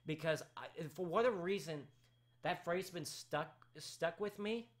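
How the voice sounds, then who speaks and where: A man hosting a casual live talk show, excitable and rambling, with his voice cracking and breaking into sudden shouts. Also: a little high, a little slow.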